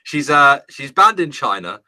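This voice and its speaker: A man's voice: medium pitch, sing-song, measured pace, sharp tone. A British man, co-hosting a casual chat show, reading out news stories with jokes and casual swearing. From Britain. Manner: jokey, swears casually, frequent laughter.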